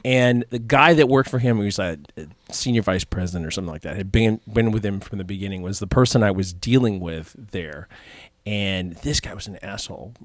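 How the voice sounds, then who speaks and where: A man with a fairly low voice hosts a podcast, spinning rambling anecdotes in a loose, casual way. His sentences tend to fade off at the ends. The sound is dry and close, with no room around it. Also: a little fast, no room sound. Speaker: podcast host.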